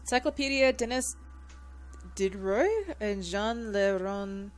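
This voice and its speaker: A woman streamer giving casual, excitable gameplay commentary and reading on-screen text aloud. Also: medium pitch, unhurried, soft background music.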